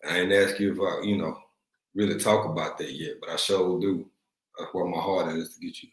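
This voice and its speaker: A man from East Texas with a Texan accent, his voice sitting low as he hosts a relaxed livestream. He talks slangy and easygoing, greeting viewers in the chat. The sound carries the echo of the room he's in. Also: fairly quick. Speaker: livestream host. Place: room at home, in Africa.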